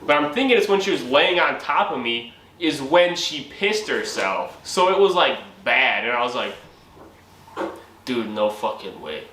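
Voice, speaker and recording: A young man with a bright, forceful voice tells a comic story in a loose, profane way, acting out what he said back then. The room is echoey, with a faint hum of ambience behind him. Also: on the high side, expressive, moderate pace, few pauses. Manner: profane, laughing, acts out his own quotes. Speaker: channel host.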